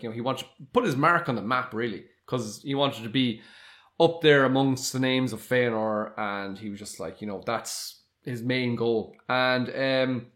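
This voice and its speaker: A man co-hosting a podcast, recapping a TV episode in casual chat and acting out quoted lines as he goes. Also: mid-range voice. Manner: animated retelling with quick quoted asides. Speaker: podcast co-host.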